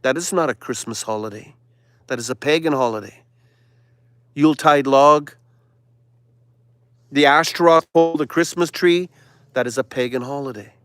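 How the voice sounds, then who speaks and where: A man hosting a livestream, giving a preachy monologue that swings from loud declarations to hushed whispers. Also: mid-range voice, normal speed, long pauses. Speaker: livestream host.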